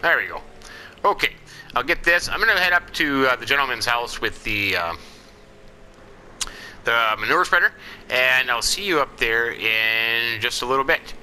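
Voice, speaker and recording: A man's voice: mid-range voice, lively intonation, normal speed, long pauses, pushed and bright, a little hiss or hum, rough recording. A man casually narrating his farming game in a folksy, rambling way, with chuckling asides. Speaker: let's play host.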